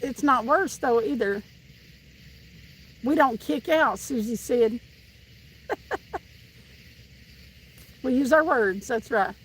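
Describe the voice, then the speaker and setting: A woman from Tennessee with a Southern accent livestreams while fishing outdoors by the water, reading chat and talking casually with viewers. She laughs, chats, and often restarts sentences. Her voice is on the high side and slow with long pauses, and the audio is poor with slight background noise.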